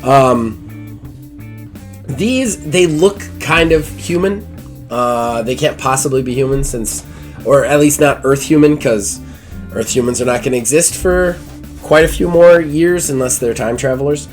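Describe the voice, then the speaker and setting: A man's voice: medium pitch, a little slow, soft background music. A man narrating as game master of a tabletop game, casual and rambling with many fillers.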